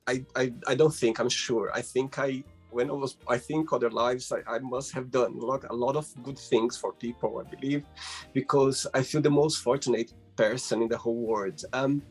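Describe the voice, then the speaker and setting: Male host, husky tone, faint music underneath, effusive and gushing on a video call. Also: medium pitch, fairly even intonation, moderate pace. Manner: emotional, effusive, many fillers. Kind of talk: casual interview chat.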